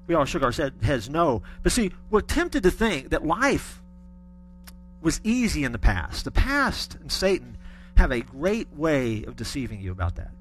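A man's voice: fairly high pitch, sing-song, normal speed. A middle-aged man preaching a sermon, telling stories with folksy humor. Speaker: pastor.

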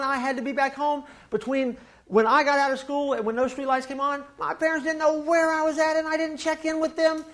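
A man preaching a sermon in a folksy, animated way, with quick asides to his congregation. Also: very high voice. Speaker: pastor.

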